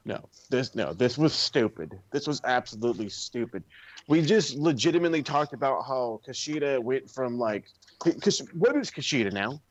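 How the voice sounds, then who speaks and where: A man's voice: mid-range voice, normal speed, lo-fi sound. A man co-hosting a wrestling podcast in casual chat, ranting with lots of swearing. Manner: profane, ranting, animated.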